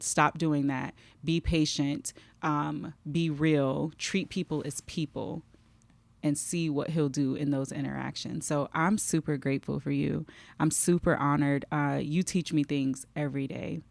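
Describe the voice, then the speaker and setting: Low, gravelly-voiced woman podcast host. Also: steady tone, measured pace, dry recording. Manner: warm, emotional, fighting back tears. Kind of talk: heartfelt podcast conversation.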